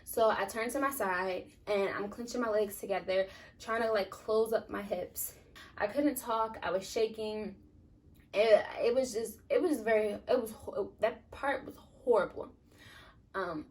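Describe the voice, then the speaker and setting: A woman's voice: fairly high pitch, normal speed. A young woman telling a personal story in a casual, rambling way, full of fillers. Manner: chatty, rambling with many "like" and "um" fillers. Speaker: vlogger. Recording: voice a bit distant from the mic.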